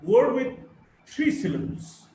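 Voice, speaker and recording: A man's voice: very high-pitched, sing-song, slow pace, mellow. A male college lecturer with an Indian English accent, reciting English words one at a time for a phonetics lesson. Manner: reads words one by one, spelling suffixes aloud. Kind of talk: slow recited word-list lesson. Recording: echoey room, mic far off, faint hiss.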